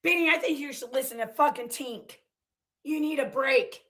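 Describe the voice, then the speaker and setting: High, bright-voiced woman ranting heatedly. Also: normal speed. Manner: heated, profane, confrontational ranting. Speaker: commentary vlogger. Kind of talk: reading and reacting to viewer comments.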